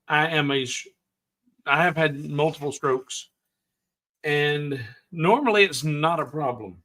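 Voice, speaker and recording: A man hosting a casual live stream, talking slowly with frequent stutters and restarts. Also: a little high, pushed and bright. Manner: slow, deliberate delivery. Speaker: livestream host.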